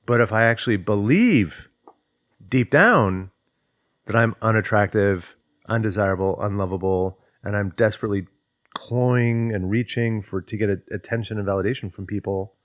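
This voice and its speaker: A man's voice: lowish voice, normal speed, no room sound, clean studio sound. A man speaking in a thoughtful, conversational way as he teaches self-development, working through questions aloud. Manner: acts out inner voices in quotes. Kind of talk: reflective explanatory monologue.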